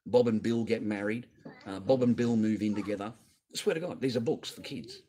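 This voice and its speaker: Low-voiced man ranting angrily. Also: animated, normal speed, warm tone. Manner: angry, profane, rambling rant. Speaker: channel host. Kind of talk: livestream rant.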